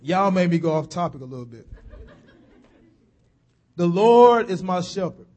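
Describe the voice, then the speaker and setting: A man preaching a sermon in a folksy, chatty way, slowing down and dropping low on key phrases and rising on emphasis. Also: lively intonation, darkish tone.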